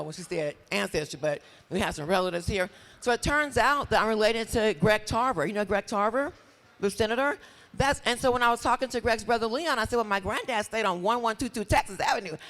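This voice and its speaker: Animated woman doing live stand-up. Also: on the high side. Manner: animated, chatty, jokes with the crowd. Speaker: comedian. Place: live event stage. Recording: long hall reverb.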